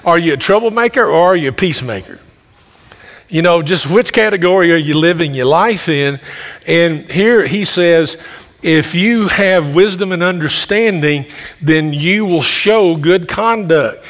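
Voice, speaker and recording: A fairly high-voiced man preaches to his congregation, his loud, carrying voice ringing out in a large hall with a long reverb. He talks in a folksy way, often restarting his sentences. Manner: folksy storytelling with frequent restarts. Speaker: pastor. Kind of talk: sermon.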